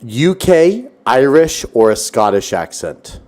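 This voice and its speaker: Male stream host, animated pitch, upbeat slangy chat with viewers. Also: takes it slowly. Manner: upbeat, thanks chat often, says "dude" and "yo". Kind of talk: casual gaming stream chat.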